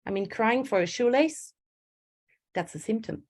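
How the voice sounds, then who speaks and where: Middle-aged woman coach, lively storytelling webinar delivery. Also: on the high side, a little slow. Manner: animated storytelling with acted inner voices. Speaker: stress management coach. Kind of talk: webinar presentation.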